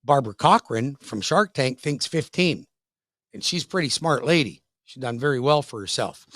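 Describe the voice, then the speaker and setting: A middle-aged man gives a hard-sell radio pitch, pushy and folksy. He hammers his points home by repeating them. His voice sits a bit high and is recorded dry and close. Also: a bit bright, no room sound. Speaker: radio show host and mortgage lender.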